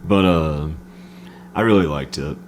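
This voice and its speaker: Deep-voiced male co-host, relaxed casual chat, faint background hum. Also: unhurried. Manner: laid-back, short agreeing replies. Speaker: podcast co-host. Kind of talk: casual game review chat.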